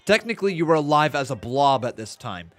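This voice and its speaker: A man's voice: a little high, sing-song, a little fast, a bit bright. A man in his twenties chatting on a live stream, reading chat aloud and calling play-by-play, a little tired and yawning. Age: 20s. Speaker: watch-along streamer.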